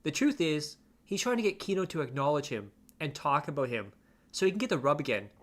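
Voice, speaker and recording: A man narrates a reaction video in a mocking, crude tone, cutting in between clips to ridicule what was said. His voice sits a little high, and his delivery is blunt. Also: very animated, a little fast. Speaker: reaction channel host. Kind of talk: commentary narration.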